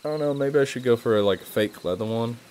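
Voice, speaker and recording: Chatting with his live-stream viewers, the host slips into a fake American Southern good-old-boy persona, playful, chatty, and self-deprecating. He talks fast in a natural, mid-range voice with a darkish tone and a bit of background noise.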